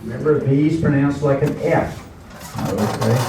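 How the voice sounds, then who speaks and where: A man teaches a language class in a chatty way, repeating words and explaining them with asides. His medium-pitched voice moves at a moderate pace, with background noise present. A distant camera mic captures him in a very echoey room.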